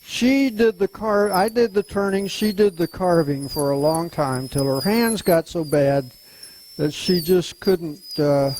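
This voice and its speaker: Older man, soft Southern accent, slow and folksy, slightly high voice, faint background noise. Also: rough recording. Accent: Southern US, softened. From Louisiana, US. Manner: unhurried, folksy, chuckles often. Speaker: woodturning club demonstrator. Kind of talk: casual demonstration talk.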